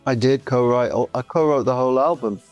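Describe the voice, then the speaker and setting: A man's voice: mid-range voice, brisk, clear, resonant tone, lo-fi sound, soft background music. A man in his sixties, a pop singer, chatting as a guest and telling stories with a wry, teasing edge. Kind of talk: casual chat.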